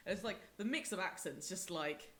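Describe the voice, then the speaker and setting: A young woman from England co-hosting a podcast, telling stories in a casual, animated way. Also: brisk. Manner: animated storytelling, acts out quoted people with big pitch jumps. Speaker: podcast co-host. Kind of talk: casual chat.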